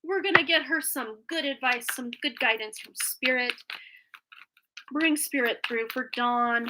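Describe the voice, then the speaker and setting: A woman talks through a live tarot stream in a loose, rambling way, laughing often between thoughts. Her voice is bright and sits a little high, with a slight phlegmy catch left over from being sick. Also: a little hiss or hum. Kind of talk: casual live-stream chat.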